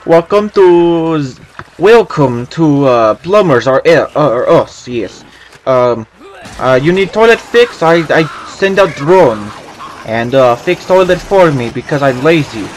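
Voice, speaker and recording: A man's voice: fairly high pitch, sing-song, drawn-out words, slight background noise, heavily acted. A man voicing a lazy plumber-shop owner who speaks in broken English, crude and smug. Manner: broken English, drops small words. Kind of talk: put-on accent during gameplay.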